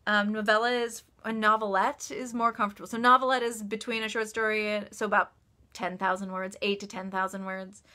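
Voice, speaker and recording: Woman author, casual live-stream Q&A, bright tone, bubbly with lots of laughs and ums. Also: medium pitch, little pitch movement, fairly quick. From United States. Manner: chatty, laughs often, many ums and restarts. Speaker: author answering live chat questions. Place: office.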